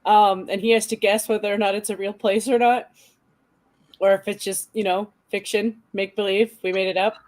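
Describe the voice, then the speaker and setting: A woman's voice: mid-range voice, little pitch movement, moderate pace, darkish tone. A woman co-hosting a podcast, giggling and thinking aloud in rambling casual chat. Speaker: podcast co-host.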